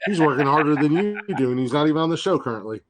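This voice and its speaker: A man's voice: a little high, lively intonation, racing. A man from Ohio co-hosting a comedy podcast, ranting crudely and laughing often. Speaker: podcast co-host.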